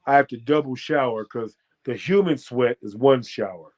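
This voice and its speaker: A man's voice: mid-range voice, normal speed. Profane American man telling a wild story. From United States. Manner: profane, boastful, jumps into loud shouted quotes. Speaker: guest, former fighter telling a story. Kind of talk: animated storytelling.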